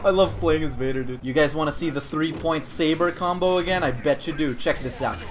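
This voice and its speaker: A man giving jokey, excitable gameplay commentary who often bursts into shouts. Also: on the high side, brisk, heavy background noise. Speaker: gaming YouTuber.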